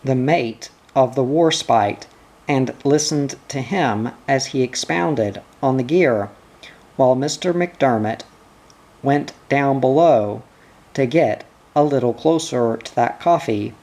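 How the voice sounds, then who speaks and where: A man narrating an audiobook in a measured reading style. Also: mid-range voice, a little mellow.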